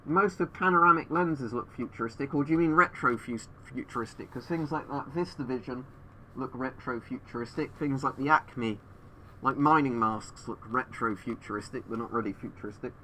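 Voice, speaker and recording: A man's voice: mid-range voice, normal speed, bright, forceful tone, slight background noise. A man streaming from home over a webcam, answering viewers in a rambling way, his voice muffled through a gas mask. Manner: rambling, thinking aloud with fillers.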